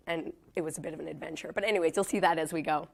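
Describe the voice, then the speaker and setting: A young woman from Canada giving a casual public lecture while losing her voice. She speaks low and hoarse, and her delivery is chatty and self-deprecating. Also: steady tone, quick pace. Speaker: guest lecturer.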